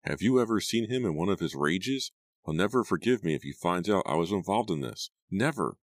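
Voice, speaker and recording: A man's voice: extremely low pitch, brisk, dry recording. A man reading aloud, voicing a scared, hot-tempered teenage boy with a strained, heated delivery. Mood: angry. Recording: dry close recording.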